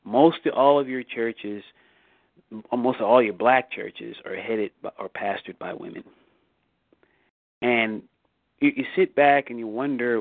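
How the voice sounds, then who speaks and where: Over a dry, tinny phone line, a man with a medium-pitched voice hosts a casual Bible study discussion at normal speed. He speaks emphatically, repeating himself and restarting, and his voice rises sharply on rhetorical questions.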